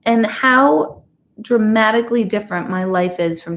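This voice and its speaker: Woman in her forties, gravelly voice, candid casual chat, swears freely. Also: mid-range voice, measured pace. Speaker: intuitive reader hosting a live chat.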